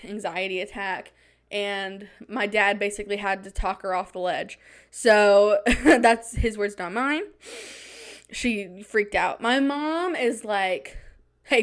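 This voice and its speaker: A young woman hosting her own podcast, chatting fast from her home studio and acting out stories with dramatic flair. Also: medium pitch, a bit bright. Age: young adult. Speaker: podcast host. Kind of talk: casual solo chat.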